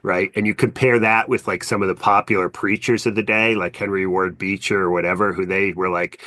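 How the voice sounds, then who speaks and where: A man talking as a podcast guest and historian, animated and self-deprecating, full of asides and fillers. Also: lowish voice, a little fast, few pauses, no room sound, studio quality. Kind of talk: casual conversational interview.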